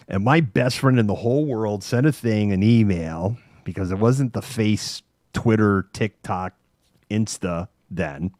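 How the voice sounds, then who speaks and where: A middle-aged man hosting a casual talk show, telling a long anecdote in an animated way, laughing between phrases and using many fillers. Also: lowish voice, a little slow, dry recording, studio quality. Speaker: host. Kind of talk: casual chat, anecdotal storytelling.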